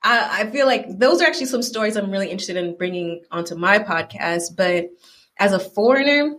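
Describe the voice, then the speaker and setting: A mid-range, fairly quick voice comes from a Southern-accented woman from the American South. As a podcast guest in casual talk, she tells stories animatedly and acts out the people she quotes.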